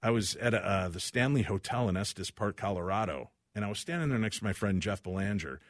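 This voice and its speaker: A male radio host telling funny personal stories in a relaxed studio chat. He jumps between his own voice and the people he quotes, with a lively rise and fall. The sound is dry and close to the mic. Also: lowish voice, brisk, no room sound. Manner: animated storyteller, acts out quoted voices.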